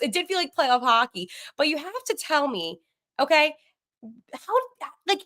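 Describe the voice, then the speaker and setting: A woman hosting a live sports podcast from home, gushing and flustered, breaking into fast asides full of fillers as she chats through the game. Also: a little high, a bit bright. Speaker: podcast host. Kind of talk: excited live post-game sports chat.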